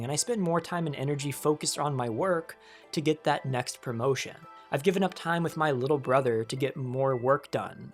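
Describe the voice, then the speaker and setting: A narrator reading a calm, reflective, scripted voice-over in a conversational way as a video essayist. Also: medium pitch.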